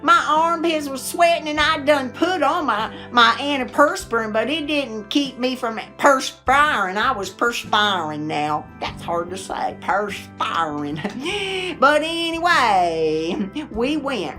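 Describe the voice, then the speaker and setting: A middle-aged woman, telling folksy stories to camera in a chatty, animated way and laughing often. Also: high voice, slow pace, faint music behind. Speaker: vlogger.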